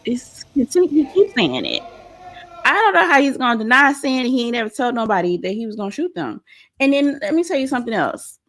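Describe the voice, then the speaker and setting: A woman hosting a pop-culture show, giving animated, opinionated commentary on a clip and talking straight to her viewers. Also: a little high, a little fast.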